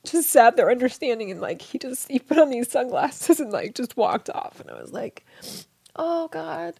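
A middle-aged woman with a slightly high voice tells a deeply personal story. She speaks softly and haltingly, restarting often and slipping into whispers. The sound is dry and close. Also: very animated, vocal fry, breathy edge, no room sound. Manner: soft, halting, with many restarts and whispered moments. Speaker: guest.

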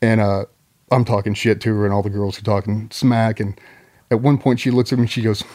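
A man's voice: on the low side, level tone, fairly quick, a little mellow. A man, a former Navy SEAL guest on a podcast, telling a long story in a rambling, profane, casual way.

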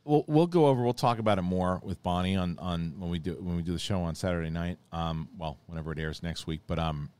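A man's voice: low voice, fast talker, few pauses, darkish tone, clean tone, no room sound. A man hosting a podcast, chatting casually and rambling with many restarts and repeated words. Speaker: podcast host. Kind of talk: casual chat.

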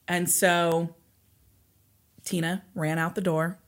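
A woman's voice: on the low side, flat delivery, takes it slowly. A woman co-hosting a podcast, retelling a story at length with many "like"s and "and so"s. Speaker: podcast co-host.

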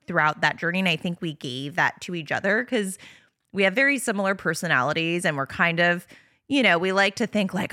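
A woman's voice: fairly low pitch, moderate pace, pushed and bright, no echo, studio quality. A woman hosting a podcast in casual chat, talking in a chatty, rambling way and laughing often. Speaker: podcast host.

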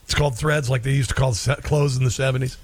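A man's voice: medium pitch, fairly even intonation, fast talker, no room sound. A middle-aged man hosting talk radio in a rambling, folksy monologue full of fillers.

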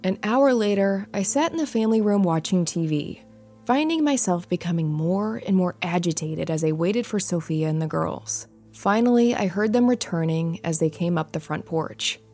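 A woman giving a measured, suspenseful first-person narration of a ghost story. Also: on the low side, animated, darkish tone. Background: faint music.

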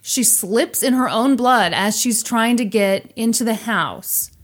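A woman's voice: fairly high pitch, measured pace. Woman casually retelling a true crime story. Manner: lively, animated retelling with sarcastic asides. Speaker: podcast host telling a true crime story.

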